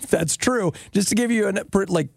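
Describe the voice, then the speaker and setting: A middle-aged man co-hosting a talk show, bantering playfully and telling stories with animated teasing. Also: high-pitched, normal speed, creaky, slightly rough, no room sound, clean studio sound. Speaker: co-host.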